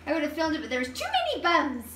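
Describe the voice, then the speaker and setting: A woman with a high, bright-pitched voice chatting casually to the camera, easygoing and talkative. A faint hiss of background noise sits under her words. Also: quick pace, roomy sound. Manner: chatty, relaxed commentary. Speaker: vlogger. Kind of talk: casual vlog chat.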